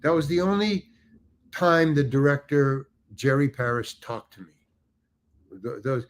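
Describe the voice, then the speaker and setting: An older actor appearing as a guest tells rambling anecdotes, restarting himself and acting out quotes. He speaks unhurriedly in a mid-range voice, leaving long pauses.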